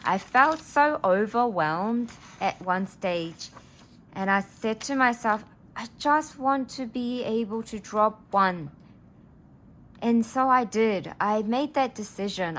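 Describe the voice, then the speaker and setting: A woman's voice: medium pitch, a bit bright. Earnest rambling woman vlogger. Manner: earnest, rambling, emotional storytelling. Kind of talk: casual personal chat.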